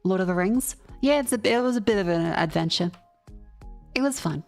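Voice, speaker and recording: A woman's voice: mid-range voice, expressive, brisk, gravelly, darkish tone, faint music behind. A young Australian woman chatting casually on a stream, telling a rambling, sweary road-trip story and reading out chat.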